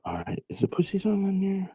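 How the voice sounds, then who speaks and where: A man's voice: medium pitch, mellow. A man hosting a stream, reacting to clips in laid-back, casual commentary with chuckling asides.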